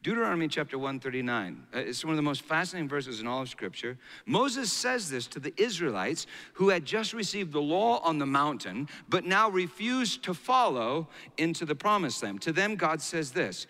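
A middle-aged man preaching a sermon as a pastor, swinging between hushed and loud passages. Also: fairly high pitch, very animated, normal speed, few pauses. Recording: long reverb of a large hall.

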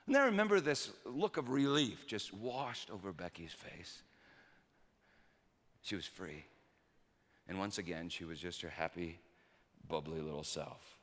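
A man preaching a sermon through personal stories, swinging between loud emphasis and hushed quiet. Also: low-pitched, lively intonation, measured pace, pauses often. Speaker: pastor. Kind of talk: storytelling sermon. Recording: reverberant hall.

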